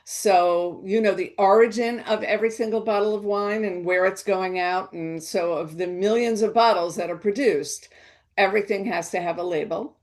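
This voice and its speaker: A woman's voice: medium pitch, steady tone, normal speed, a little mellow. A woman giving an educational wine talk, explaining in a chatty way with restarts.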